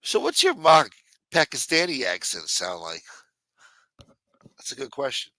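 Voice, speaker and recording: A man's voice: medium pitch, wildly swooping pitch, measured pace, sharp tone, dry recording. A man hosting a casual live stream, rambling and swearing, reading chat aloud and acting out quotes in a raised voice.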